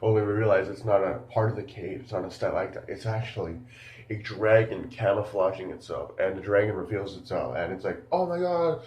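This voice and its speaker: A man's voice: low-pitched, brisk, darkish tone, reverberant. A man giving a casual spoken film review, rambling and incredulous, full of fillers.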